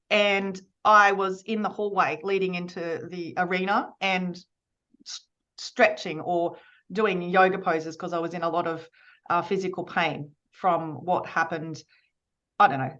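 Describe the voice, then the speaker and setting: Female podcast host, lowish voice, open and chatty storyteller, dull lo-fi recording. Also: fairly bright tone. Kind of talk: casual podcast intro.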